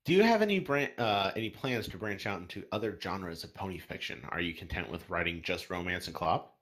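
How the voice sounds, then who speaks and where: A man's voice: deep voice, expressive, fairly quick, fairly bright tone. A man hosting a casual podcast, reading listener questions in a playful, teasing way. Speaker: podcast host.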